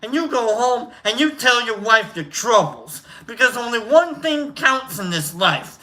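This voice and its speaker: A man playing an abrasive, hard-selling male sales boss in a slow, barking, profane tirade. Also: very high-pitched, pushed and bright, voice pushed up, heavily acted. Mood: berating.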